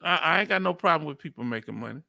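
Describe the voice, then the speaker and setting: A man with a Texas accent giving animated, slangy reaction commentary and laughing often. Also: fairly high pitch, racing, creaky, dry recording, studio quality. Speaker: reaction video host.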